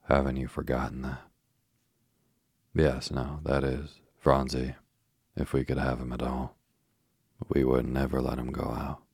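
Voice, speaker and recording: A bustling, fond older girl from a storybook, as a man reads her in his own very deep, husky voice. She talks briskly and warmly to her little sister. The reading stays slow and close to the mic. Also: completely flat delivery, no echo, full character voice.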